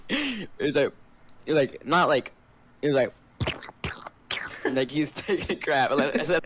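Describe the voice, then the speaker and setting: A man's voice: on the high side, sing-song, a bit bright, a little hiss or hum. A young man telling a school story in casual chat and giggling as he goes. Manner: slow-spoken, giggling storyteller.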